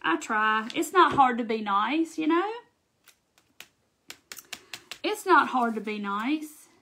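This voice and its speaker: A woman's voice: high voice, expressive, a little slow, pushed and bright, slight background noise. A middle-aged woman with a thick Southern accent, chatting casually on a craft livestream and answering viewers' comments as she works. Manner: chatty, reads out and thanks viewers' comments while working. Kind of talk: casual live crafting chat.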